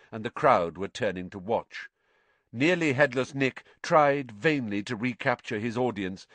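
A man narrating an audiobook with expressive, dramatic storytelling. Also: fairly low pitch, no room sound. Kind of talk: scripted narration.

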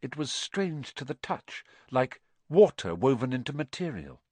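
A man narrating a children's story with expressive, measured storytelling. His pitch moves a lot, lively and full of shape. The recording is dry and close with no room sound. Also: husky, no echo. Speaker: audiobook narrator.

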